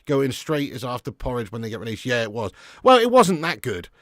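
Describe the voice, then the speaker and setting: A young man hosting a live football watch-along, chatting casually and answering viewer comments between bursts of excitement at the match. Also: medium pitch, a little fast, no echo, studio quality.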